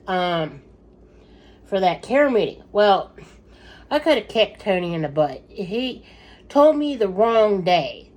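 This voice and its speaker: A middle-aged woman talking casually to camera in a slightly low voice. She rambles and circles back, with plenty of fillers and side remarks. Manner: rambling, chatty, many fillers and asides. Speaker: vlogger giving updates on her husband.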